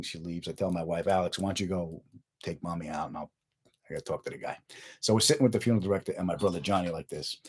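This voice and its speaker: This middle-aged man's voice sits low with a breathy edge. A comedian running his own podcast, he chats with viewers on a casual live stream, joking and spinning animated, jokey stories.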